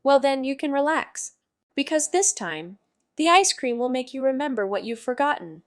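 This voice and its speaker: A woman's voice: high-pitched, animated, normal speed, dry recording, studio quality. A woman voicing a brash, foul-mouthed male jester wizard who narrates in a sardonic, rambling way.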